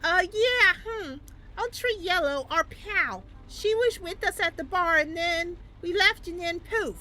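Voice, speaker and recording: A woman's voice: extremely high pitch, expressive, unhurried, sharp tone, faint music behind, voice pushed up, exaggerated voice. Woman doing a drawling drunk Southern American guy in green. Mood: tipsy. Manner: drawling, tipsy, playful. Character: drunk man in green superhero suit.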